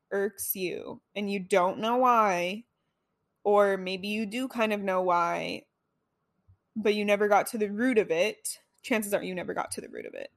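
Speaking as a self-help speaker in a casual monologue, this young woman muses about self-reflection, chatty and leaning heavily on "like" and "right?", with a bit of swearing. The mid-range voice comes through studio quality, without any room sound.

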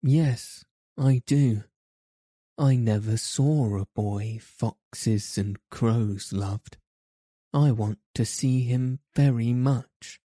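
A man's voice: mid-range voice, very slow, mellow, no room sound, studio quality. A man voicing a sheltered, curious young girl with prim, proper speech. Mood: eager.

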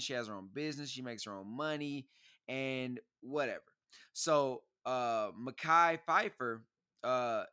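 Young guy cohosting, slangy and lively, bright punchy voice. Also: mid-range voice. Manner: animated storyteller, slangy, acts out quotes. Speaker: podcast co-host. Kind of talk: casual chat.

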